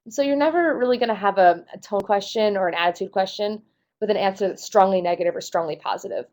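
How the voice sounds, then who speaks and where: A woman's voice: mid-range voice, fast talker, a little mellow. A young woman, a test prep tutor, explaining answer choices in a casual, lightly self-mocking way.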